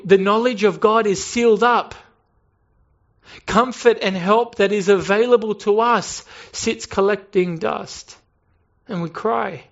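A pastor with a slightly high voice preaches an earnest sermon, building emphasis and posing rhetorical questions. The audio has its high frequencies cut off.

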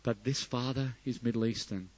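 A middle-aged man preaching a sermon, his voice swelling to loud emphatic peaks and then dropping soft. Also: mid-range voice, fairly even intonation, moderate pace, lo-fi sound. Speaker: pastor.

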